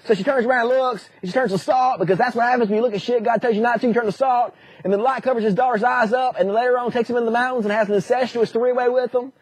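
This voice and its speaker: A man telling a profane, sarcastic comic retelling, full of dude-speak and quick put-on voices. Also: very high voice, steady tone, no room sound. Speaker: comedic storyteller. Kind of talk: crude comedic retelling.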